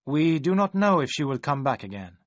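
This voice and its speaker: A man voicing a polite, worried male servant at a villa, speaking formally with careful, halting phrasing. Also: on the high side, big pitch swings, no echo. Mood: grave. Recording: dry, slightly dull audio.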